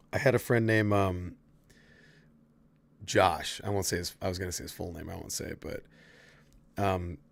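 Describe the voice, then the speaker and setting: A man casually chatting to his viewers while playing a horror game, swearing freely and answering chat. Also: deep voice. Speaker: streamer. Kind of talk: casual gameplay commentary.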